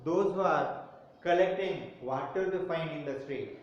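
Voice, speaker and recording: A man's voice: on the high side, brisk. A man with an Indian accent teaching an English class. He reads a story aloud, then explains each word and mixes in Telugu. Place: school classroom. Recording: echoey room, distant and dull mic.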